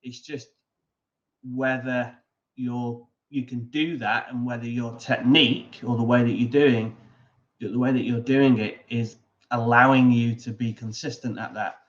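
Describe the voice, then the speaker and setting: Male putting coach, mid-pitched, thoughtful explainer with frequent "um"s and restarts; slightly dull, muffled audio. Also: fairly even intonation. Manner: measured and explanatory, with many "um"s and restarts. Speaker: putting coach, interview guest. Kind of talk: explanatory interview answer.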